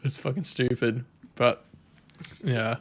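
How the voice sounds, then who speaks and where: A man's voice: mid-range voice, takes it slowly. A man chatting casually on a live stream, rambling and swearing freely.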